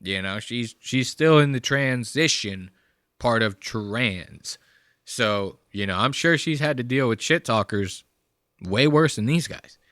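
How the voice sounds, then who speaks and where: Young man, podcast host, casual rambling commentary, cursing a lot, bright tone, dry close sound. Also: medium pitch, lively intonation, a little slow, dry recording. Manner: profane, rambling.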